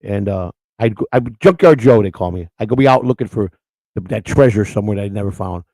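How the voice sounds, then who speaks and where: Livestream host, middle-aged man, gravelly and quick, crude storyteller. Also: on the low side, expressive, mellow, no room sound. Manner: rambling, storytelling, crude and emotional. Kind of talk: casual chat with the live chat.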